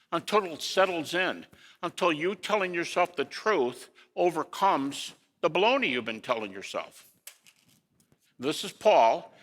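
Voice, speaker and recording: A man giving a lecture to an audience in an animated way, with rhetorical questions and folksy asides. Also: on the high side, long reverb tail.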